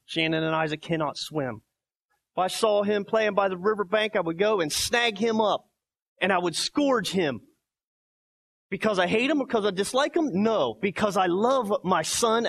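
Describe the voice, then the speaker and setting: Pastor guy in his 30s preaching, high gravelly voice, gets loud and punchy. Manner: preachy, emphatic, swings between soft quotes and loud barking. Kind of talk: sermon.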